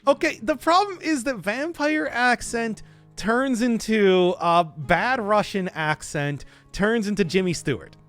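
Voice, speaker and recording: Excitable high-voiced male streamer. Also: unhurried, soft background music. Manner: rambling, laughs often, swears. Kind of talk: casual live gameplay commentary.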